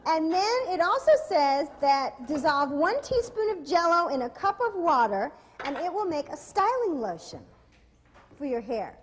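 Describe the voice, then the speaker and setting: A woman co-hosting a comic cooking show in a studio kitchen, teasing her partner and reading jokes aloud in a drawn-out way. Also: sits high, sing-song. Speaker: co-host. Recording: hall reverb with faint noise.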